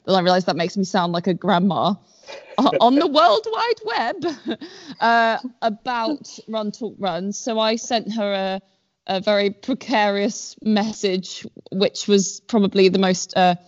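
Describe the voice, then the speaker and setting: A woman guest on a podcast, telling stories in a rambling, self-deprecating way with many fillers. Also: mid-range voice. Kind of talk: casual chat. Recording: dull lo-fi sound.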